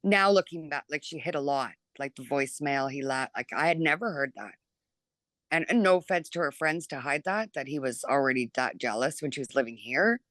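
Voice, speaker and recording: A middle-aged woman, a mother telling her story in an interview, chatty and animated, filling her talk with 'like' and acting out what people said. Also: very deep voice, brisk, no echo. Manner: chatty and animated, full of 'like' and acted-out quotes. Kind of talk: emotional personal recollection.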